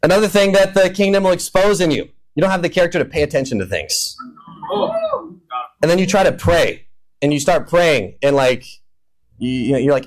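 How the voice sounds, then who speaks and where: A man's voice: on the high side, moderate pace, rough recording. A man preaching a humorous sermon, acting out imagined prayers and conversations in playful voices. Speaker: pastor. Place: church hall.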